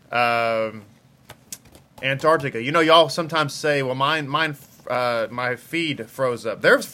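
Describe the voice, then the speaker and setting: A man's voice: medium pitch, pushed and bright. A man with a Texan accent, a rabbi casually greeting livestream viewers with joking asides. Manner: chatty, joking, calls out viewers.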